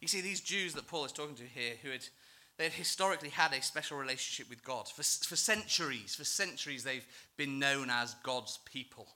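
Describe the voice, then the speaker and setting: A man's voice: medium pitch, brisk, few pauses, pushed and bright. A male church minister preaching a sermon in an earnest, emphatic, self-deprecating way.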